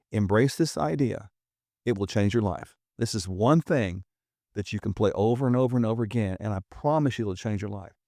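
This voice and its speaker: A man's voice: lowish voice, mellow, no room sound, clean studio sound. A middle-aged man, a doctor and podcast guest, explaining in an emphatic, earnest and persuasive way. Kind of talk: conversational explaining.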